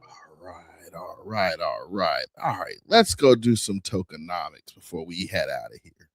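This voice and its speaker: A man's voice: low-pitched, very animated, normal speed. A man hosting a crypto show, chatting casually and rambling as he clicks through screens. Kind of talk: casual livestream commentary.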